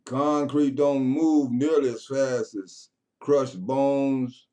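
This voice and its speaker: A man preaching a sermon, swinging between loud raised lines and low murmured passages. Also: steady tone, slow. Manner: preaching with rising chanted bursts and low murmured stretches.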